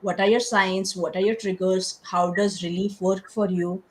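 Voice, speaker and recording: A woman's voice: mid-range voice, steady tone, moderate pace, slight background noise, low-quality recording. A woman guest speaker, a stress coach, answering interview questions in an earnest, reflective storytelling way.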